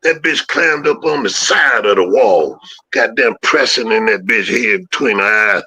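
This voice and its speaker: A man's voice: lowish voice, measured pace, breathy edge, poor audio. A man telling rambling, profane stories in a casual chat and acting out the scenes. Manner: profane, rambling storyteller who acts out scenes loudly. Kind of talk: casual storytelling.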